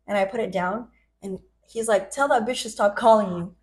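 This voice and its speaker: A young woman with a high voice chats on a podcast, animated and blunt. She acts out every quote as she tells her story and swears freely along the way. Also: fairly quick. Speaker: podcast co-host. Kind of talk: casual chat.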